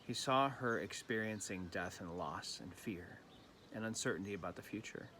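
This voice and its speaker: A man with a lowish voice leads a quiet evening prayer reflection, speaking gently and thoughtfully with small restarts. Faint birdsong and outdoor ambience sit behind him. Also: normal speed, a little hiss or hum. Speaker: pastor. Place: home in lockdown.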